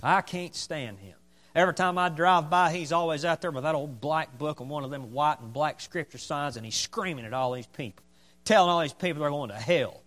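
A man's voice: fairly high pitch, a little fast, fairly bright tone. A man pastor preaching a sermon emphatically, repeating his points for stress.

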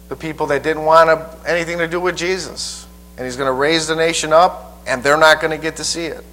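A man preacher teaching a Bible passage verse by verse in a folksy, halting way, often repeating his words. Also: fairly high pitch, fairly bright tone, low-quality recording.

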